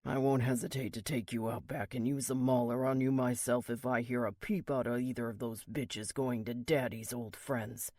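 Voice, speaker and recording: A man's voice: medium pitch, flat delivery, normal speed, hardly any pauses, a little mellow, no echo, clean studio sound, natural voice. A man voicing a raging older male biker club boss who roars threats and swears, in an audiobook. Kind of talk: audiobook character reading.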